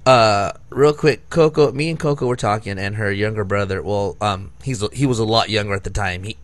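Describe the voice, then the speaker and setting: A man's voice: fairly low pitch, fairly quick. A man in his thirties telling long, rambling, profane stories on a casual podcast, often laughing at himself. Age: 30s. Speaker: podcast co-host. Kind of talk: casual storytelling.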